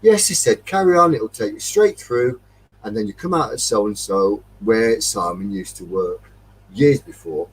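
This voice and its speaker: A man's voice: fairly low pitch, lively intonation, a little slow, breathy edge, distant mic, rough recording. A man from Derbyshire with a Midlands accent, hosting a casual chat, rambling through a story and acting out the dialogue after a few beers. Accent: English Midlands. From Derbyshire, England. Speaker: metal detecting chat host.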